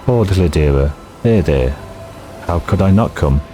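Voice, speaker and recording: A man's voice: low-pitched, normal speed, faint music behind. A man reading aloud the lines of a cruel dead woman captain returned as a spirit, in a plain reading voice. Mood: mock tender. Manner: read aloud flatly from game text.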